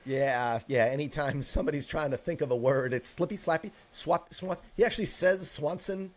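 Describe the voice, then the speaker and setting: A podcast co-host, a man with a fairly high voice, talking movies in casual chat. He gets excited, laughs a lot and throws himself into quoting favorite lines. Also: normal speed.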